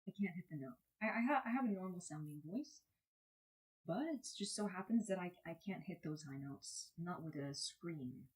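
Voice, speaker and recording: A woman's voice: lowish voice, expressive, moderate pace, poor audio. A young woman on a live stream, chatting candidly, rambling and swearing casually between sung lines. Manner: sings along softly, then chats candidly and rambles. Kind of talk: casual chat with singing along.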